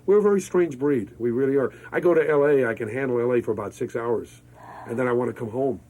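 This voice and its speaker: A man in his fifties with a husky, slightly breathy voice. He talks with exuberant energy and an easy, mid-range pitch, like a veteran radio personality trading stories in an interview. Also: fast talker, warm tone, rough recording. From Brooklyn, New York. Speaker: radio disc jockey, guest. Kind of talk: interview conversation.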